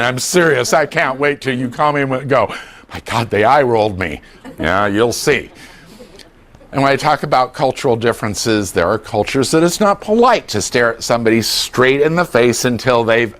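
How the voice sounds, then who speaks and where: Older guy teaching a class, super lively pitch, jokey, acts out little voices. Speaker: dementia care trainer. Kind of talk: humorous training talk.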